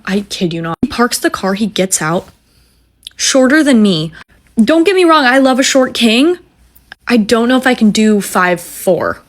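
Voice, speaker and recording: A young woman in her twenties telling a casual story in an animated, profane, self-mocking way. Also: medium pitch.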